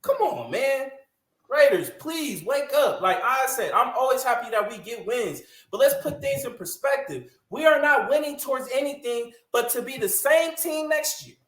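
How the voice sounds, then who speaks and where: A woman's voice: sits high, lively intonation, normal speed, a bit bright. A woman co-hosting a sports podcast, ranting in a heated, emphatic way and cussing freely. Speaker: podcast co-host. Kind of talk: casual sports podcast rant. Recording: echoey room.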